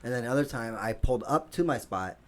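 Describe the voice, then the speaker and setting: A man's voice: medium pitch, expressive, fast. A man co-hosting a casual comedy podcast, telling a rambling story and laughing often. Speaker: podcast co-host. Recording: faint noise, home studio.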